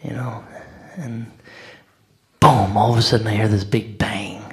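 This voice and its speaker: A man telling a personal story in a casual spiritual talk, animated and conversational, acting out other people's lines. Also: lowish voice, unhurried. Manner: animated, acts out voices, conversational with "like". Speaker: devotee speaker.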